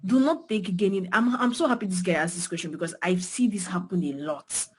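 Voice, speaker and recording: Nigerian woman, husky voice, fired up mentoring talk, keeps repeating herself for emphasis, pitch jumps all over. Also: brisk. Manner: emphatic, swings pitch and loudness widely, repeats phrases for emphasis. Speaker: design mentor speaking to beginners. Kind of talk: passionate motivational talk.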